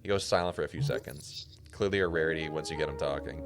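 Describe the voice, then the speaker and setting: A man streaming a game, reading its text aloud slowly and dramatically, with casual asides. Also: a bass voice. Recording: music playing underneath.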